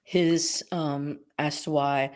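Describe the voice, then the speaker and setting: A man chatting on a livestream in a measured, thoughtful way with a wry edge. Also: on the high side, fairly even intonation, darkish tone. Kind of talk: casual livestream chat.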